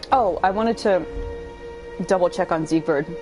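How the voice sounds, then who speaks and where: Lowish woman musing over gameplay. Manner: thinking aloud, hesitant with fillers. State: eating while talking. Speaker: gameplay streamer. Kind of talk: casual gameplay commentary.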